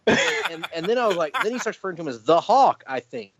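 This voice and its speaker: A man chatting casually on a podcast, an animated storyteller who laughs often and keeps restarting his sentences. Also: high voice, racing, dry recording. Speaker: podcast guest. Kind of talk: casual chat. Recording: dry muffled podcast audio.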